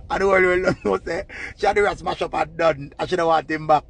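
A man with a Jamaican accent giving casual, animated gossip commentary in patois. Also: high-pitched, quick pace, gravelly, few pauses, a little hiss or hum. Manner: animated, laughing, patois storytelling.

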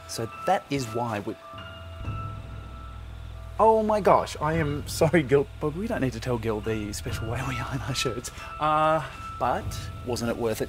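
A man's voice: mid-range voice, close to an everyday voice. A man playing a gushing guest showing off his new partner. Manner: effusive, chatty.

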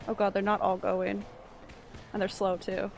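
A woman's voice: mid-range voice, monotone, normal speed, vocal fry, darkish tone, dull audio, faint music behind. A woman streaming a game live, giving an anxious running commentary full of swearing.

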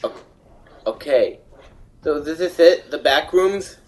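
Performer doing a jumpy cheeky boy, swearing, animated pitch. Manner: jumpy, swearing, quick to panic. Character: cheeky young boy sneaking through a mall. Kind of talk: real-time game fandub.

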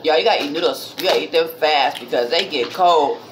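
Speaking briskly in a low voice, a vlogging mom talks to her viewers in a rambling, heartfelt, religious way, calling them "y'all" and letting out a small cough. There's slight background noise.

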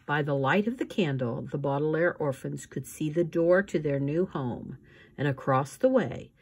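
A woman's voice: low-pitched, normal speed, darkish tone, husky. A woman reading a children's novel aloud, narrating and changing her voice for each character. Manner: reads all parts, voices shifting between characters. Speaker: reader. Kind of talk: audiobook reading.

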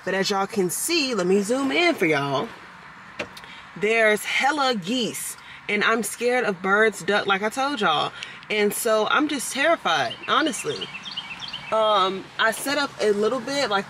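A woman's voice: mid-range voice, animated, measured pace, fairly bright tone, a little hiss or hum, low-quality recording. A young woman vlogging in a bubbly, chatty way, talking straight to her viewers. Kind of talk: casual vlog chat.

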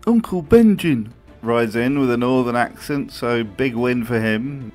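A man's voice: medium pitch, lively intonation, unhurried, a little mellow, faint music behind. A man delivering comedic scripted commentary in a dry, sardonic way. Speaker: video host.

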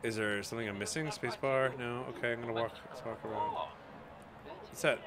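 In brisk let's-play commentary, a gaming channel host with a medium-pitched, fairly even voice chats to himself while playing. His tone is chatty and bemused.

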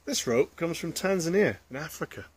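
A man reads a children's picture book aloud in a lively voice that swings up and down in pitch. He breaks off for chatty asides to his young listeners. A faint hum of background noise runs underneath. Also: fairly quick. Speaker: storyteller.

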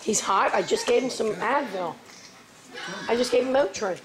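A woman's voice: on the high side, normal speed, crowd noise. Sing-song mother coaxing her baby. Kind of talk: baby talk to her infant son.

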